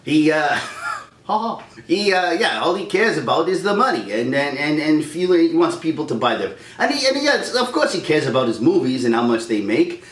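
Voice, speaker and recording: A man's voice: fairly high pitch, big pitch swings, normal speed, fairly bright tone. Ranting man in an echoey room. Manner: rambling, heated, with stammered restarts. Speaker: YouTube channel host. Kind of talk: casual ranting chat.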